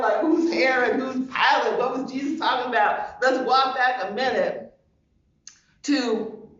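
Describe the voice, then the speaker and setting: A woman pastor with a high-pitched voice preaches a sermon, speaking emphatically and asking many rhetorical questions. She is recorded from a distance in a large church hall, and the audio sounds dull.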